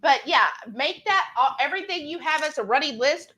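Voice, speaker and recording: A woman's voice: high voice, animated, brisk, sharp tone. A woman, co-hosting a casual cooking livestream and chatting while reading viewer comments aloud. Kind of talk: casual live-stream chat.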